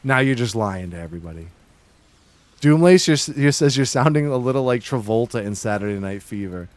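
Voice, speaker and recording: A man's voice: mid-range voice, expressive, a little fast, dry recording. Man in a hammy put-on Boston-New York accent. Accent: exaggerated put-on Boston-New York. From Massachusetts. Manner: joking, playfully ribbing chat. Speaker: livestreamer. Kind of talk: casual livestream chat.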